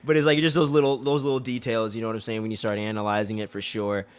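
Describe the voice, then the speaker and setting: A man co-hosting a casual show review, excitable and profane, often acting out quotes in other voices. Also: lowish voice, fast, smooth. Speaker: podcast co-host.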